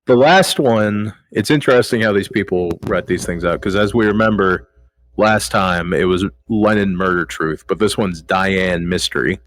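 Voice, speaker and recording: A man's voice: low-pitched, normal speed, fairly bright tone. A man hosting a podcast, chatting casually and crudely, bossing his co-hosts around. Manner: crude, joking, bossy with co-hosts. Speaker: podcast host. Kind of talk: casual comedic chat.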